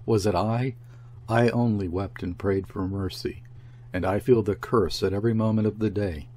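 A man's voice: on the low side, fairly even intonation, moderate pace, mellow, natural voice. A man voicing a grief-stricken young peasant wife in an audiobook, pouring out bitter words in a rush.

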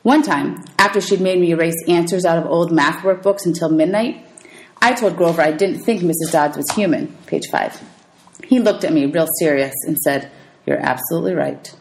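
Woman teacher reading a novel aloud. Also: poor audio. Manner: reads dialogue with raised pitch for characters, calls out page numbers.

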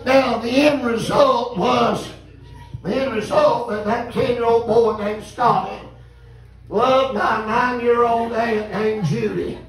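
A man, preaching a revival sermon in a folksy, animated storytelling way and calling out to the congregation. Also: extremely high pitch, takes it slowly, a crowd in the background. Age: 50s. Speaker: visiting preacher. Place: church sanctuary. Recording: echoey church room, mic at a distance.

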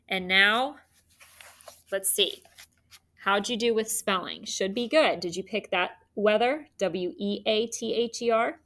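A woman teacher giving a recorded phonics lesson to third graders, speaking clearly and encouragingly. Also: mid-range voice, bright, forceful tone.

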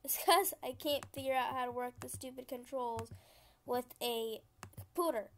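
A woman's voice: sits high, normal speed, a bit bright, slight background noise. A young woman casually commenting as she plays a computer game, chatty and easily frustrated, often laughing. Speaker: gaming channel host.

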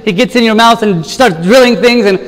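Priest giving a sermon, high voice, rhetorical questions, echoing church hall. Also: male voice, fairly quick, fairly bright tone. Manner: earnest preaching with rhetorical questions and repeated lists.

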